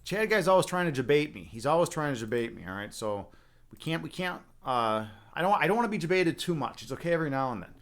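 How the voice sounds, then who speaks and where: A man's voice: on the high side, sing-song, fast talker. A man hosting a casual livestream, rambling and chatting with viewers and swearing now and then. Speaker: livestream host.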